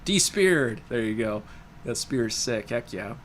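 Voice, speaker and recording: A man's voice: mid-range voice, expressive, unhurried, fairly bright tone, a little hiss or hum. A young man hosting a livestream, chatting loosely and telling stories, with lots of fillers, restarts and laughs. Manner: rambling, laughs often, many fillers and restarts. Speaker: livestream host. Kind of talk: casual chat while reading viewer comments.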